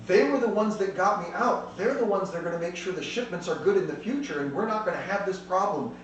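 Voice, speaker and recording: A man's voice: high-pitched, muffled recording, close to an everyday voice. A man voicing a nervous sailor who pleads his case, recorded from a distance in an echoey room. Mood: pleading. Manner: pleading, hurried. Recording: echoey room, distant mic, faint hum.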